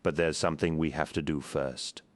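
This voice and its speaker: A man's voice: rumbling low, steady tone, moderate pace. A man voicing a blunt adult male soldier, terse and urgent. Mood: curt.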